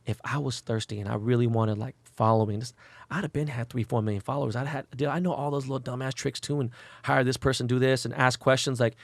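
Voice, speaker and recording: Fast-talking, profane man telling stories. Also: mid-range voice, no echo. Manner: fast, profane, animated, acts out quotes in a raised voice. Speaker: guest, celebrity jeweler. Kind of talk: unfiltered storytelling in an interview.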